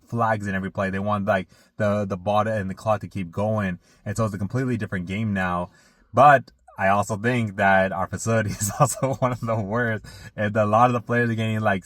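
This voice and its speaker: A man co-hosting a casual sports chat, rambling with lots of fillers and getting animated when he vents. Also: on the low side, no room sound, studio quality. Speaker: podcast co-host.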